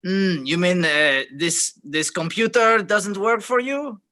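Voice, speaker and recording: A snide, insulting shop clerk behind a returns counter, played by a man. His voice is high and very bright and sharp. He delivers sarcastic jabs in an improvised comedy scene over a video call. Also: slow pace, heavily acted.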